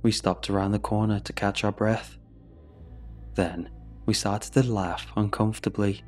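Low-voiced man narrating a horror story. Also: little pitch movement, a little slow, a little mellow, faint music behind.

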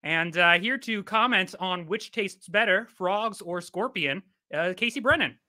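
A man's voice: high-pitched, a little slow. A man hosting an online movie show in a jokey, playful way, telling stories and bantering with guests. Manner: jokey, animated storyteller. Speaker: host.

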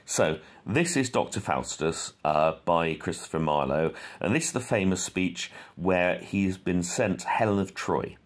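A man giving an informal, rambling lesson on poetry, with many fillers, who reads verse aloud slowly. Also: low voice, lively intonation. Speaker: poetry teacher.

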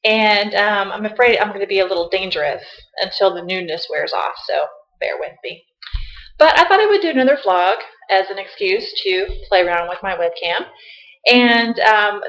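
A woman's voice: mid-range voice, moderate pace, fairly bright tone. A woman chatting casually and playfully to her laptop webcam, teasing herself as she goes. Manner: playful, self-mocking, chatty. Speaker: vlogger. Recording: roomy, slightly dull laptop audio.

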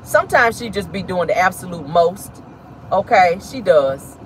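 Sassy high-voiced man gossiping in a car. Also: expressive, normal speed, a bit bright, poor audio. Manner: sassy and dramatic, calls listeners honey and baby. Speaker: host. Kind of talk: casual celebrity gossip commentary. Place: inside a car. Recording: car noise behind the voice.

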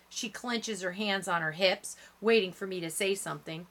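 A woman reading a first-person audiobook in steady, lower-key narration. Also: moderate pace, hardly any pauses.

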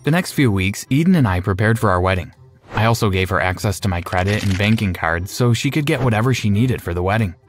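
Low-voiced male story narrator. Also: fast, faint music behind. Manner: steady, conversational.

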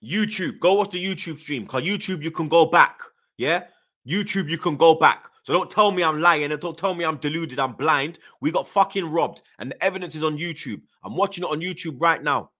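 A man rants through a live fan watchalong stream, his voice forceful and tense. He swears hard, repeats taunts and keeps firing back "yeah?" at the chat. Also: on the high side, fairly quick. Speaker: streamer hosting a football watchalong.

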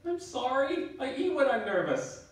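A man voicing a nervous, hungry young male sidekick in a high, anxious voice. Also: very animated, moderate pace. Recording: echoey hall, mic far off.

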